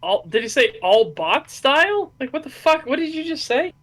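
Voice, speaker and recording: Bright, high-voiced excitable man. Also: moderate pace. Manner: excitable, profane, laughing often. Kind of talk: casual podcast chat.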